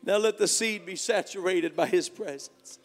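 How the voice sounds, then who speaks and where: A man preaching as pastor, moving from quiet talk to shouted praise. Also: sits high, normal speed, in a large hall. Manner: preaching, swinging from soft to shouting. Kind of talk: sermon. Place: church sanctuary.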